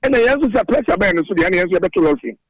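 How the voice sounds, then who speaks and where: A man's voice: high-pitched, lively intonation, very fast, no room sound, rough recording. A man from Ghana speaking as a drivers' union spokesman in a radio interview, earnestly reeling off prices and figures.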